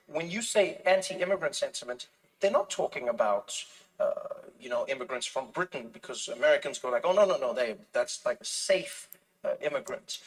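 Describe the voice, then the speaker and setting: A man, a comedian being interviewed, telling stories in a lively way and acting out the voices of other people, often restarting his phrases. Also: on the high side, distant mic, poor audio. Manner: animated storytelling, acts out other people's voices, frequent restarts. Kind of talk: casual conversation.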